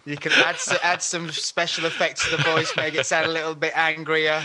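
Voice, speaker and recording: A man chatting on a podcast, excitable and laughing as he talks, often mimicking what others said. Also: a little high, brisk. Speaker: podcast panelist. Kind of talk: casual chat.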